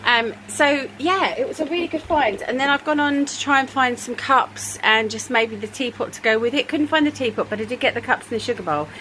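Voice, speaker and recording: A woman talks through her craft room in a relaxed, rambling way, full of ums and soft laughs. Her voice sits a little high and she sounds slightly out of breath. A faint hiss of room noise lies under the handheld camera audio. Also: a little fast, few pauses, low-quality recording. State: a bit out of breath. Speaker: craft vlogger. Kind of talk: casual vlog chat. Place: home craft room, indoors.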